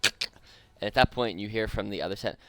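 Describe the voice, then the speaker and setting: Man GM, very low and gravelly, easygoing, laughs a lot while narrating. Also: normal speed, bright, forceful tone, no room sound. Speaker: dungeon master. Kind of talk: running a tabletop game online.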